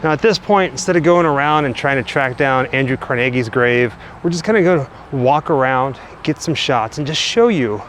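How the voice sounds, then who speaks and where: A man's voice: mid-range voice, expressive, moderate pace, few pauses, a bit bright. A man narrates a walking-tour vlog, chatty and enthusiastic as he shows viewers around. He talks into a handheld camera mic outdoors, with faint traffic passing behind him. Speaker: travel vlogger. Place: outdoors in a cemetery by a busy road. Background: faint cars and trucks.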